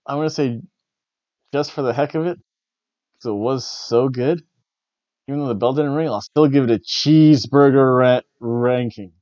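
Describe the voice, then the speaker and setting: A man reviews wrestling in casual chat, wandering off on wry, jokey tangents. His voice sits at a middle pitch. The recording is dry and a little dull, like a home lo-fi setup. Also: normal speed, pauses often, darkish tone, no room sound. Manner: wry, rambling, jokey asides. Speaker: wrestling review podcast host.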